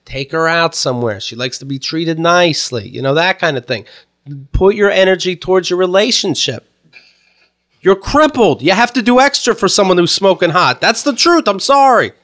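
A podcast co-host rants in casual chat, swearing freely and laughing between points. His voice sits high for a man and leaps around. He sounds lively and loose. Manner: profane, ranting, laughs often.

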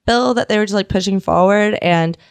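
This is a young woman co-hosting a casual talk show. She speaks in an open, thoughtful way, pausing often for fillers. Her voice is smooth and clear, at a middle pitch, and it is recorded dry and close. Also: dry recording. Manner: candid, thoughtful, hesitant with fillers. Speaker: co-host. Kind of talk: casual chat.

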